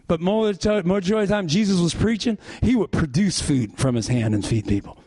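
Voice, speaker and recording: Guy preaching a sermon, high voice, calls out for the crowd to answer back. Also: expressive, brisk, mellow. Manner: call-and-response preaching, rising and falling in pitch. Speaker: pastor.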